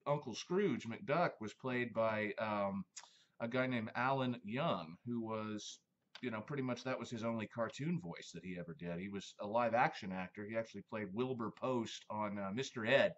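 A man's voice: fairly low pitch, normal speed, lo-fi sound. A man hosting a casual monologue, rambling and reminiscing with many fillers. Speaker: host.

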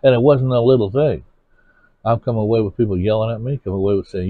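A man's voice: fairly low pitch, fairly even intonation, fast, no room sound. A man preaching a sermon to his congregation, earnest and asking them pointed questions. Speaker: pastor. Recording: tinny phone-like sermon recording.

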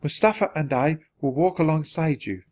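A man voicing a kind, caring woman nurse in a storybook reading, speaking softly and comfortingly. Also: fairly high pitch, normal speed, pitched above the performer's own voice, close to an everyday voice. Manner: soft, comforting.

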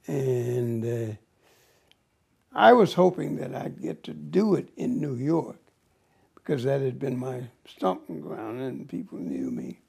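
An older American man, an actor, telling stories from his career in an interview with a slow, halting, husky delivery. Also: mid-range voice, sing-song, darkish tone. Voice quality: gravelly, husky. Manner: slow, halting, breathy at times. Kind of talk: reflective storytelling.

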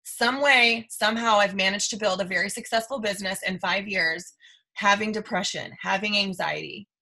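This team leader, a woman in her thirties, gives a motivational live stream to her team, emphatically repeating her points and often saying "you guys." She talks at normal speed with a medium-pitched voice that is creaky, bright and forceful.

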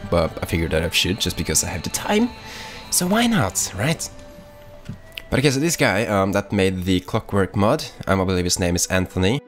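Low-voiced man rambling over gameplay. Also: big pitch swings, moderate pace, soft background music. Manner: rambling, swears a lot, offhand. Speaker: gaming YouTuber. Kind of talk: casual let's-play commentary.

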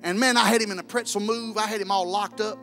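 High-voiced preaching man. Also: fairly even intonation, fast, faint music behind. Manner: preaching, swings from shouting to hushed. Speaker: pastor. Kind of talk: sermon.

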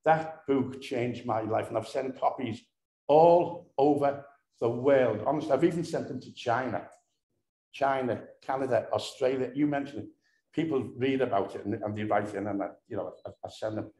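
A man's voice: medium pitch, moderate pace, dark tone. An older man telling humorous, earthy stories at a commemoration event, often repeating himself and restarting phrases. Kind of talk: anecdotal storytelling. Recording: echoey room.

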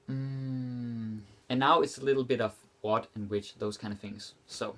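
A young man teaching a language lesson, repeating example phrases slowly and explaining them casually. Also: medium pitch, fairly even intonation, fairly bright tone.

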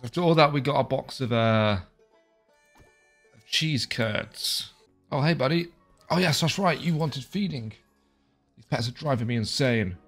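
A young man chats his way through a video game, cracking jokes and reading on-screen lines aloud. His voice sits at a medium pitch. Faint background music plays under the commentary. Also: expressive, a little slow, long pauses, a bit bright. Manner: chatty, jokey, reads game dialogue aloud. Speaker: gaming video creator. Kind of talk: casual let's-play commentary.

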